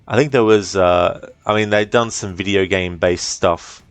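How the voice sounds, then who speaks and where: A man's voice: sits low, moderate pace, clean tone, dry recording, faint music behind. A man streaming a game, chatting casually, reading chat aloud and swearing now and then. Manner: relaxed, chatty, reads chat aloud, swears, laughs often.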